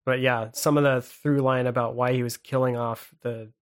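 A man in casual conversation about films, rambling with halting restarts and fillers. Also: mid-range voice, level tone. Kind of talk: casual movie chat.

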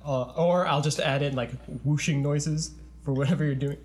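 A man hosting a podcast in casual chat, laughing often and talking in an easygoing, drawn-out way. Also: on the high side, fairly even intonation. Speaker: podcast host.

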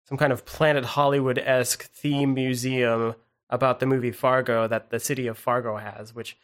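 A man's voice: medium pitch, level tone, moderate pace. A man co-hosting a podcast in casual chat, dry and playfully teasing. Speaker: podcast co-host.

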